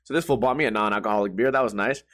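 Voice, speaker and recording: A man's voice: fairly low pitch, rapid-fire. A man telling a funny story casually, swearing a lot and laughing often. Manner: profane, animated, laughs often.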